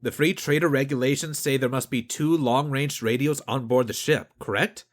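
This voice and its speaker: A man voicing a clever young crewman who argues regulations in a calm, methodical way. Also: mid-range voice, normal speed, natural voice. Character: clever young man, precise crew accountant.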